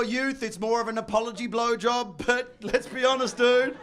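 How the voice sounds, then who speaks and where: A stand-up comedian man with a strikingly high, bright, forceful voice, working a live crowd. He talks brashly and breaks into loud shouts and mock voices to sell his bits. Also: steady tone, normal speed, hardly any pauses. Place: comedy venue with audience.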